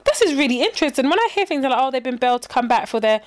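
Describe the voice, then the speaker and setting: Woman, podcast co-host, quick talker, emphatic, repeats points, dry close sound. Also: high-pitched, big pitch swings, no echo. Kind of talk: casual chat.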